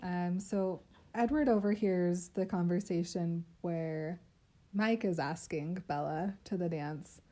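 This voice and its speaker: A woman's voice: lowish voice, slow pace, dark tone. A young woman co-hosting a casual book-discussion chat, summarizing the story in a wry, dry way with slangy asides. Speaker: podcast co-host.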